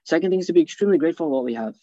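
A man with a slightly high voice teaches a religious class at a quick clip, firing rhetorical questions at his listeners and weaving Arabic phrases into his English. The recording is dull and lo-fi, with a dry sound. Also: animated, dark tone, no echo. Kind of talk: hadith class lecture.

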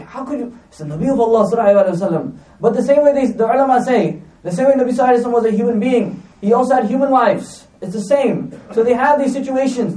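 A man's voice: extremely high pitch, darkish tone. A man giving a conversational religious talk, telling stories with asides and fillers. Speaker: preacher. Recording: echoey room, mic at a distance.

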